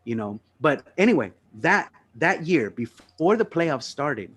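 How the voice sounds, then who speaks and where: A man's voice: on the high side, unhurried, breathy edge. A man telling a personal anecdote in casual, profane chat as a podcast host. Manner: excitable, profane anecdote teller.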